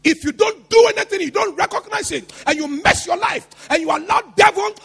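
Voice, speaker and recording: A man preaching a fervent sermon, often shouting and slipping into a sing-song cadence. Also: very high-pitched, fairly quick, gravelly, big-room sound. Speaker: pastor.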